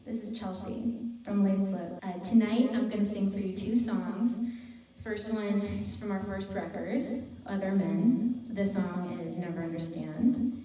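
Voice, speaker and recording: A woman singer talking softly and unhurriedly between songs, laughing between phrases, heard from away from the mic. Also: medium pitch, fairly even intonation, unhurried, distant mic. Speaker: singer introducing her songs. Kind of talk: casual spoken intro between songs. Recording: very echoey room, from afar, with music behind.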